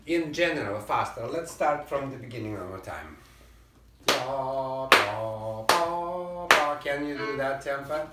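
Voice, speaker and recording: A man's voice: medium pitch, very noisy. A man teaching a violin lesson, singing rhythms and calling out commands over the playing. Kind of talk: private music lesson coaching. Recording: roomy and distant, violin playing behind.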